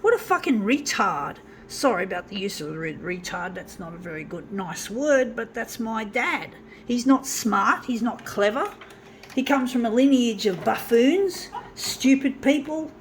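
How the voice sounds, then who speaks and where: A woman with a high voice talks straight to her viewers in a casual monologue. She is blunt and profane, with a bitter, aggrieved edge, and she rambles through many false starts. A faint hum of room noise sits behind her. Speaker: vlogger talking to viewers.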